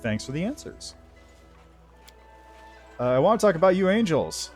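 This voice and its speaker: A man's voice: on the high side, big pitch swings, moderate pace, a little mellow, soft background music. A man reading the lines of a plain-spoken male crusader hero in his own voice.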